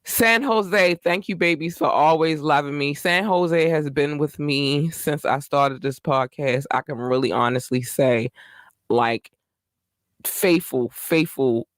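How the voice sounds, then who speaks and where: A man from Baltimore hosting his own podcast, talking in a chatty, rambling and effusive way with bursts of excitement. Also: on the high side, measured pace, no room sound, studio quality. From Baltimore, Maryland. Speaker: podcast host. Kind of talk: casual solo podcast monologue.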